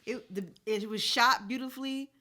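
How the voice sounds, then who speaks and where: A young adult woman co-hosting a podcast, chatting candidly and excitably about films and shows. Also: fairly high pitch, moderate pace. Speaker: podcast co-host. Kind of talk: casual chat.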